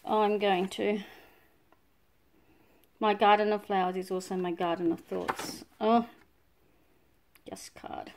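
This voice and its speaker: A woman's voice: medium pitch, fairly even intonation, a little slow, pauses often, a little mellow, slight background noise. A woman with an Australian accent, chatting casually as she unboxes scrapbooking supplies, full of delighted exclamations. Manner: gushing, breathy exclamations of delight. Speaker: scrapbooking vlogger.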